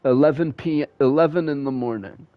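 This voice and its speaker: Over a dull, dry home mic with no room sound, a man streaming a game rattles off rambling stories full of swearing and laughs at them himself. His pitch is medium and his pace brisk.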